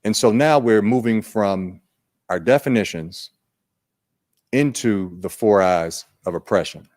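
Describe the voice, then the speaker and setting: A man presenting at an online training day, unhurried and conversational, putting questions to his audience. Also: fairly low pitch, darkish tone.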